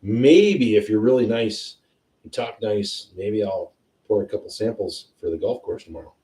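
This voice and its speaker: A man hosting a whiskey tasting livestream, chatting casually and excitedly as he tastes. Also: lowish voice, normal speed, recorded from a distance. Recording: roomy sound, a bit off-mic.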